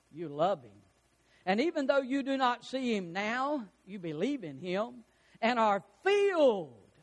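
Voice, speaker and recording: A male pastor with an extremely high-pitched voice preaches fervently, rising to shouts as he poses questions to the congregation.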